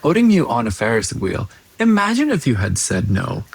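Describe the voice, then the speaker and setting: A man's voice: mid-range voice, wildly swooping pitch, moderate pace, vocal fry, slightly rough, no room sound, low-quality recording. A man co-hosting a podcast, chatting casually and teasing playfully. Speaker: podcast co-host. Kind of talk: casual chat.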